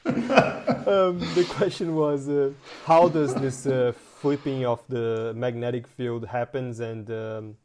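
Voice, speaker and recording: A man's voice: mid-range voice, slow pace, noisy background. A man hosting an interview who asks questions in a hesitant way, with lots of ums. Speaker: host.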